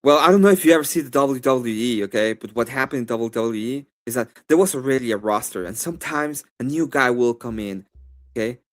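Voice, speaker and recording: A man with a Spanish accent, debating on a live stream in a rambling, animated way with many fillers and restarts. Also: medium pitch, fairly quick.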